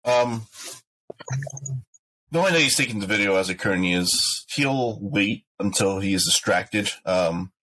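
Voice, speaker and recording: Low-pitched, hesitant male game player. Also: expressive, a little slow, pushed and bright, a little hiss or hum, poor audio. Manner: hesitant, thinking aloud with fillers.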